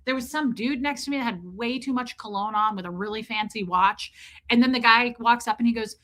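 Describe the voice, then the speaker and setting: A woman hosting a livestream, telling a comic story in a casual, profane, animated way and calling out viewers in the chat by name. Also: on the high side, a little fast. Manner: animated, profane, ranting, reads chat names aloud. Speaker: livestream host.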